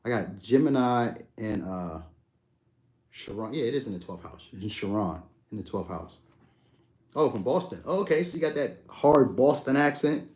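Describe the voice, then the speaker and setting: A young adult man talks loosely and easily on a live stream, picking up viewers' comments as they come in. His delivery is relaxed and slangy, with a friendly back-and-forth feel. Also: mid-range voice, normal speed. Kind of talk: casual live chat reading comments.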